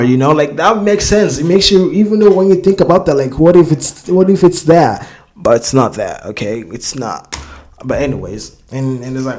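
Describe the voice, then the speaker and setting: A man's voice: mid-range voice, normal speed, a little mellow. A man hosting a reaction video, talking casually and rambling, swearing a lot and often searching for words.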